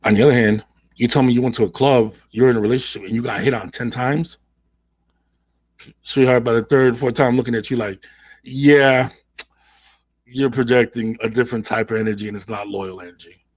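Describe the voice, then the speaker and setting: A man hosts his own podcast alone, talking in an animated way and slipping into mimicking voices for the people he describes. His voice is husky and sits at an ordinary middle pitch. The sound is dry and close, with no room around it. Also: quick pace, dry recording. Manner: animated, mimics women in quoted asides. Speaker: podcast host. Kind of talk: solo podcast monologue.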